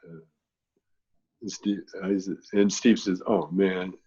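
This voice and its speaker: A man's voice: sits low, level tone, slow, mellow, husky, highs cut off. A man being interviewed who tells long, rambling stories in a laid-back way, with plenty of filler phrases. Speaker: guest, actor and comedian.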